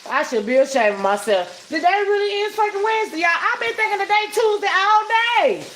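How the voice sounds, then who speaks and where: A woman's voice: extremely high pitch, animated, fairly quick, a bit bright, slight background noise. A woman chatting straight to her viewers while cooking in her home kitchen, salty-tongued and casual. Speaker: home cook vlogger. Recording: echoey kitchen with frying sizzle.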